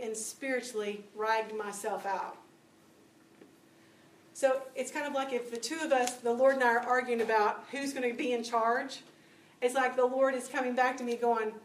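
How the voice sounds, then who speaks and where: A woman giving a spoken testimony to a church audience, telling stories with lively acted-out dialogue. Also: fairly high pitch. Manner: animated storytelling, acting out dialogue. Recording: echoey room, distant mic, faint noise.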